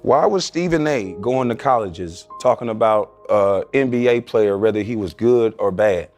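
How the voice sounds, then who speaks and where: A man's voice: on the low side, lively intonation, moderate pace, a little mellow, faint music behind. A man, a former pro basketball player, answering as a guest in a podcast interview in a blunt, emphatic, argumentative way.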